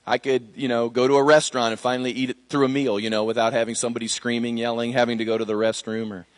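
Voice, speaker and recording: A man's voice: mid-range voice, little pitch movement, fast, big-room sound. A middle-aged man, a pastor, telling a personal story in a sermon, conversational with fillers and restarts. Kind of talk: sermon testimony.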